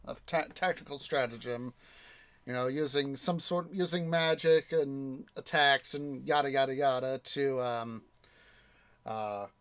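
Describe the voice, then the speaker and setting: A man's voice: medium pitch, measured pace, a bit bright, smooth. A young man hosting a gaming channel, chatting casually while he plays, rambling and hesitant with lots of fillers. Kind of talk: casual gameplay commentary.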